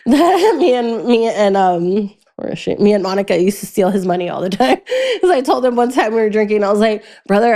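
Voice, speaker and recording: A woman's voice: mid-range voice, dark tone. A young adult woman in a casual interview, telling her life story in a chatty way, her voice jumping up when she quotes others and laughing often. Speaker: guest.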